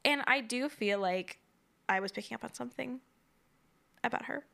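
A woman co-hosting a casual podcast chat, her voice pitched a bit high with a bright, clear edge. She comes across as chatty and opinionated, sprinkling "like" through her sentences. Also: normal speed. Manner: chatty and opinionated, many "like" fillers. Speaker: podcast co-host.

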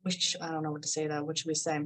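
A woman with a somewhat low voice chats with friends. She thinks out loud and often pauses or restarts as she goes. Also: monotone. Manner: thinking aloud, hesitant. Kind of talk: casual group chat.

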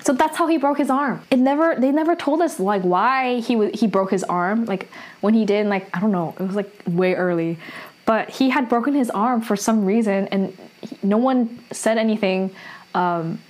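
A woman's voice: a little high, moderate pace, a little mellow. Chatty young woman recapping a drama. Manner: chatty, lots of "like" and restarts. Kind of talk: casual recap and review.

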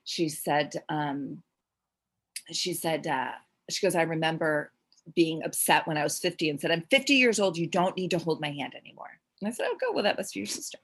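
Low-voiced woman telling a rambling story. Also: fairly quick, fairly bright tone, breathy edge. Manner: rambling, self-interrupting, with frequent "like" and "um". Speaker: medium sharing readings. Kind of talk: casual storytelling on a podcast.

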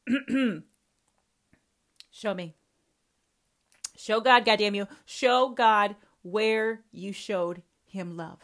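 A woman hosts a podcast in a confrontational, profane monologue, swearing constantly and addressing the listener directly. Her medium-pitched voice is steady and fairly bright, and she talks slowly.

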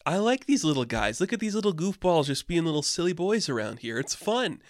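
A man's voice: on the high side, big pitch swings, fairly quick, no echo, clean studio sound. A man voicing a laid-back, cheerful young male turtle with an easygoing, amused manner.

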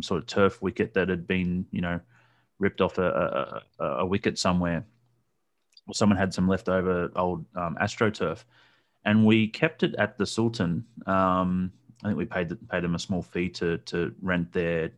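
A man hosting a casual interview, recalling details at length with many pauses and ums. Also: sits low.

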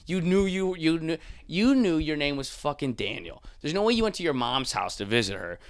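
A young adult man, a comedian, ranting casually and profanely, mocking people with quick put-on voices. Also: a little high, clear, resonant tone, dry recording, clean studio sound. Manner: animated, profane, mocking impressions.

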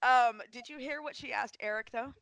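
Bright lively woman cohost, teasing and laughing, dry close mic. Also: on the high side, normal speed, creaky, dry recording. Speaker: podcast co-host. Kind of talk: casual comic banter.

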